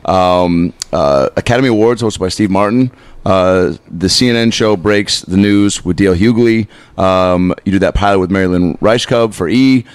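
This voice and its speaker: A man's voice: deep voice, moderate pace, clean tone, dry recording. A man co-hosting a podcast, asking rambling questions full of fillers. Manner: reads credits, asks rambling questions with fillers. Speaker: podcast co-host. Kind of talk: casual podcast interview.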